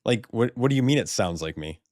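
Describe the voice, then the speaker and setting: Low-voiced guy streaming a game, laughs a lot, trips over his words, dry close sound. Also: quick pace, dry recording. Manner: excitable, swears, laughs often, stammers when surprised. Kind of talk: casual game stream chat.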